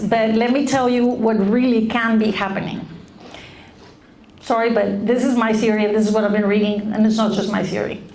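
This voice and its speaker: A middle-aged woman giving a lively talk to college students, often putting questions to the audience. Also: on the high side. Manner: animated, asks the audience questions. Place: lecture room.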